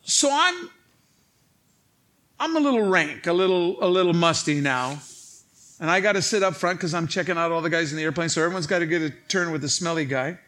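A pastor from Illinois with a Chicago accent speaks fairly quickly in a fairly high voice from a church stage before his congregation. During his sermon he tells a funny story, joking and animated, acting out the voices in the dialogue.

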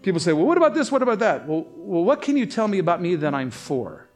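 A man delivers a sermon in a voice that sits a bit higher than most men's. He tells stories with lively energy, jumping up in pitch to act out the people he quotes. Faint guitar plays softly beneath him. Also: fast. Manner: animated storytelling, voices rising sharply for quoted people. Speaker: pastor.

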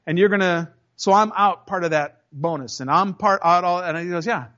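A man with a high voice tells a personal story in a loose, conversational way, and he plays out both sides of each argument. His voice jumps up when he voices his own retorts. The recording sounds dull and lo-fi. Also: normal speed, a bit bright. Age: 30s or older. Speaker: storyteller recounting a job.

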